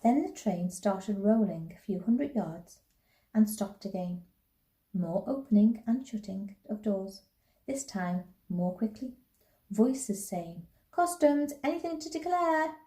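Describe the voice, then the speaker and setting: A woman, a primary school teacher, reading a children's novel aloud in a gentle, unhurried way. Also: medium pitch. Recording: roomy echo.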